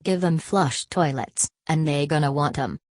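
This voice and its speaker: A woman's voice: deep voice, a little slow, a little mellow, no echo. A woman reading the lines of a tubby, blunt male migrant who tells stories in a folksy drawl.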